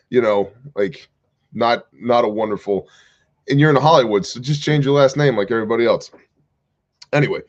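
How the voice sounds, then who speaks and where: A man's voice: mid-range voice, lo-fi sound. A man from Kansas hosting a casual livestream commentary show, mixing sarcastic asides with reading viewer comments. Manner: wry, sarcastic asides, reads chat comments aloud.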